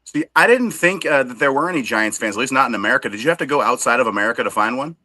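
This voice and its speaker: A man's voice: mid-range voice, expressive, very fast, bright, forceful tone. A man co-hosting a casual sports podcast, cracking dry self-deprecating jokes. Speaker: co-host.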